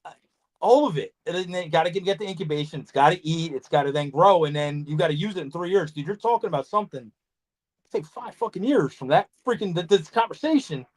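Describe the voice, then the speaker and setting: Animated, swearing man telling stories. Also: a little high, fast. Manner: animated storyteller, swears, acts out conversations. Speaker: podcast host, snake breeder. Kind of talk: casual chat.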